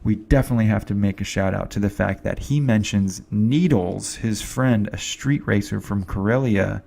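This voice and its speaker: A man's voice: lowish voice, moderate pace, gravelly, warm tone. A man giving a chatty, rambling movie review to camera, full of fillers and asides. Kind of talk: casual film review to camera.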